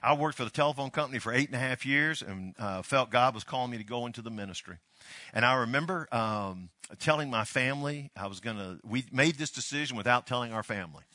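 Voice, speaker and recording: A man's voice: mid-range voice, lively intonation, quick pace, sharp tone, dry recording, clean studio sound. An older man from Alabama, a pastor giving a folksy, storytelling sermon.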